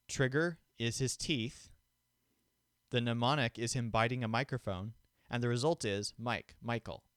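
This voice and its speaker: A man explaining a memory technique step by step in a clear, patient teaching voice, speaking into a microphone in front of him. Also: mid-range voice, a bit bright, no room sound, clean studio sound. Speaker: memory instructor. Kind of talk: instructional explanation. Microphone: studio microphone in front of him.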